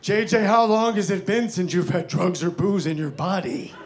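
A man doing an impression of a gruff, blunt aging male movie star with a terse, commanding manner. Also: mid-range voice, a little slow, a little mellow, some chatter behind, slight background noise, voice pushed down. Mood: shouting.

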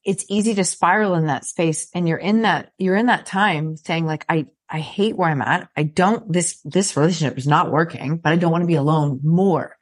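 Sex: woman. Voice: low and husky. Role: podcast host. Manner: reflective and affirming, without judgment. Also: normal speed, few pauses. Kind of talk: conversational interview.

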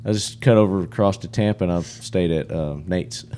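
A man's voice: sits low, brisk, warm tone, a little hiss or hum. A man hosting a podcast, introducing guests in easygoing casual chat. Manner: easygoing, laughs along. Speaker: podcast host.

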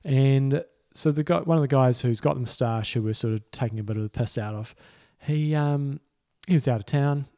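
A man's voice: mid-range voice, normal speed, hardly any pauses, a little mellow. A man, co-hosting a podcast and telling laid-back stories in casual chat. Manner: laid-back storytelling, chuckles through anecdotes. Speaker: podcast co-host and triathlon coach.

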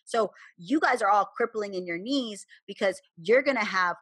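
Woman co-host, casual podcast chat, candid and lively, dry close sound. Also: mid-range voice, moderate pace, husky, no echo. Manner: candid, animated, swears when quoting herself.

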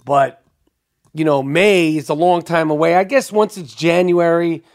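A man's voice: on the high side, unhurried, dry recording, studio quality. A man hosting a podcast in a casual monologue, emphatic and profane, rambling with many repetitions. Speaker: podcast host.

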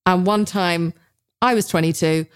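A woman in her thirties with a low-pitched voice, talking candidly as a podcast co-host. She swears freely and tells stories with animated energy. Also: a little slow, smooth. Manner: frank and swearing, animated storytelling. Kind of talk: candid casual chat.

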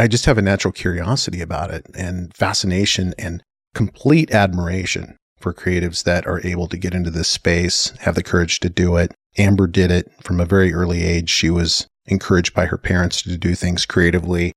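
A middle-aged man hosting a podcast in casual chat, chatty and laughing often, trailing off into softer asides. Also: sits low, fairly even intonation, brisk, no echo, studio quality. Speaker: podcast host.

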